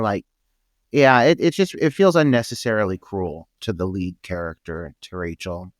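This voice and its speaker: A man's voice: deep voice, moderate pace, no room sound, clean studio sound. A man co-hosting a podcast, giving laid-back, profane opinions on a film. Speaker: podcast co-host. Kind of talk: casual film discussion.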